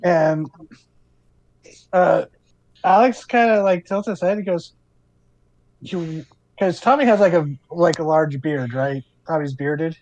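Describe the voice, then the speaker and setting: A man narrating his characters' actions in a casual tabletop game, rambling and full of fillers. His voice sits slightly high, and the sound is dry and close. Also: unhurried, darkish tone, no room sound, muffled recording. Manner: rambling, full of "you know" and "like". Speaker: player.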